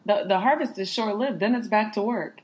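A woman hosts a podcast interview at a middle pitch. She chats casually and keeps her remarks short and encouraging. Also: fairly quick, a crowd in the background. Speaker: podcast host.

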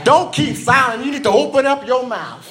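Impassioned high-voiced male preacher. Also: moderate pace. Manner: impassioned, call-and-response preaching, swings loud and soft. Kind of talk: sermon.

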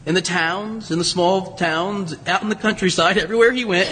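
A middle-aged male pastor gives a chatty, story-driven sermon with fillers and laughs. His voice sits high and bright with a slight husky edge. A long reverb trails behind him, as in a large hall. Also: normal speed, few pauses.

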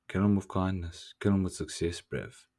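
Blunt, profane young man with a low voice. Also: steady tone, normal speed, dark tone. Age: young adult. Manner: blunt, profane, confrontational pep talk. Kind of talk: casual motivational monologue.

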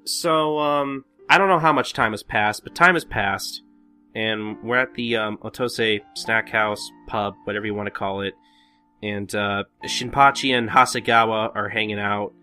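A man hosts a casual anime podcast with a bright, pushing tone. He rambles through the plot, full of fillers, with a little guitar music underneath. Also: lowish voice, moderate pace. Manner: rambling, filler-heavy, laughing. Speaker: podcast host. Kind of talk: casual manga recap chat.

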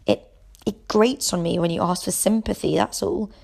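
A woman's voice: fairly low pitch, normal speed, creaky, darkish tone. A woman voicing a blunt, bitter teenage boy in an audiobook, speaking harshly and reproachfully.

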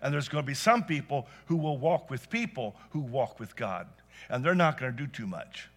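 A man preaching a sermon to a church congregation, telling stories and rising to loud emphatic peaks. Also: mid-range voice, expressive, moderate pace. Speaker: pastor. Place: church service.

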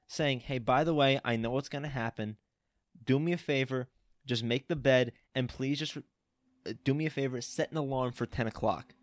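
A young man telling an animated, laughing story in casual chat among friends. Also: on the high side, no echo, studio quality.

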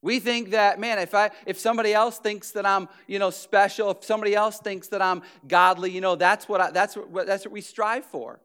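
A man's voice: sits high, fairly even intonation, fairly quick, hardly any pauses, a bit bright, clear, resonant tone. A man preaching a sermon in a conversational way, with frequent "you know" fillers, acting out the voices of the people he describes.

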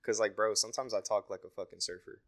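A man's voice: on the low side, fairly even intonation, fast talker. A man co-hosting a podcast in loose, crude banter, calling people "bro" and "dog" and swearing casually. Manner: laid-back, swears, says "bro" and "dog" a lot. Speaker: podcast co-host.

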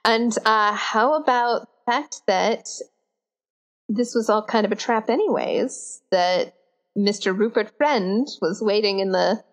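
A woman's voice: medium pitch, unhurried. A woman co-hosting a casual podcast chat, rambling with fillers and giggles. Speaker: podcast co-host.

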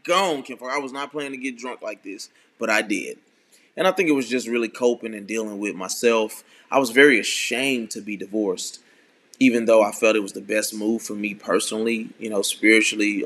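A man in his thirties telling a candid personal story in an earnest, halting way, often restarting his sentences. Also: on the low side, a bit bright. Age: 30s. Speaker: speaker sharing a personal testimony.

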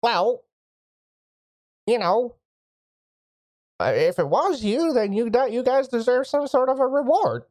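A woman voicing an eccentric older male mage who is loud and eager, with a rustic way of talking. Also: fairly high pitch, animated, slow pace, long pauses, pitched above the performer's own voice. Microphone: voice chat microphone.

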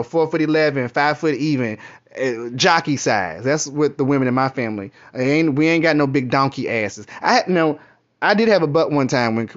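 A middle-aged man from Kentucky, telling candid, profane stories in a rambling casual monologue. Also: medium pitch. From Kentucky, USA. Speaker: vlogger. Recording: muffled lo-fi audio.

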